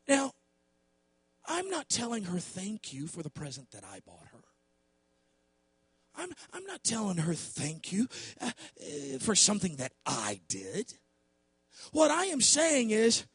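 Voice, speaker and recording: High husky-voiced preacher man. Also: huge pitch swings, a little slow, pauses often, dry recording. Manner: impassioned preaching that swings from quiet asides to shouts. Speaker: pastor. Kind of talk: sermon.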